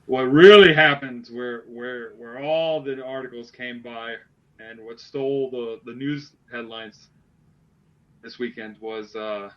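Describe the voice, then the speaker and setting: A man's voice: mid-range voice, steady tone, slow, highs cut off. A man hosting a casual wrestling podcast, retelling a story animatedly with lots of restarts. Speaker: podcast host.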